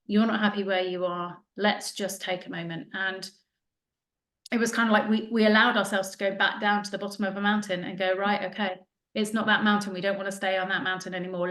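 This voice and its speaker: A woman, a podcast guest telling her story in casual, animated talk and acting out what people said. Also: medium pitch, brisk. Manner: chatty, animated, acts out quoted dialogue. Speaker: podcast guest, joy coach. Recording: roomy echo.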